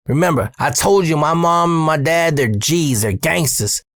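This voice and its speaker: A man telling a story from his youth in a casual, profane, animated way, full of slang. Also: fairly high pitch, normal speed, no echo.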